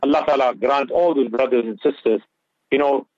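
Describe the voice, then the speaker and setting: A man speaks briskly on a radio talk show, his medium-pitched voice darkish in tone, as he gives earnest, impassioned Islamic advice. English mixes with Urdu and Arabic phrases; the dull lo-fi recording has no room sound.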